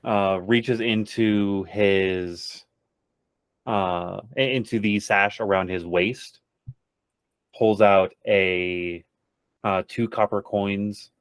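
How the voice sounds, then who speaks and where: Man, game master, tabletop game narration, very low voice, slow, halting. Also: clean tone, no room sound. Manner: slow, halting, many fillers.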